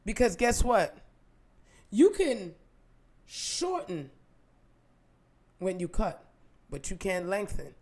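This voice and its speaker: A woman leading a motivational affirmation talk, blunt and profane, hammering points with forceful emphasis. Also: medium pitch. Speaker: motivational speaker.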